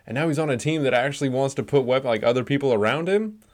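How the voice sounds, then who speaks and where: A young man chatting on a casual sports podcast in a relaxed, agreeable way. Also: mid-range voice, fast.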